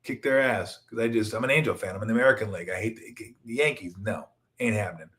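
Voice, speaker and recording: A middle-aged man from Southern California hosting a casual sports talk show, rambling and joking, with sudden loud outbursts and mumbled asides. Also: lowish voice, fast.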